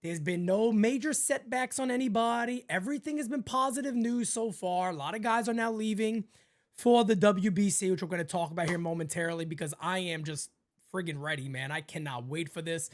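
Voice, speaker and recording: A man hosting a casual live sports talk show, emphatic and animated, swinging between loud bursts and quieter asides. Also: high voice, brisk. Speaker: podcast host.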